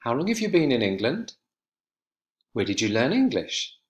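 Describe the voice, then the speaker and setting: A man teaching an English grammar lesson to students, clear and emphatic as he speaks to them directly. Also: medium pitch, wildly swooping pitch, normal speed.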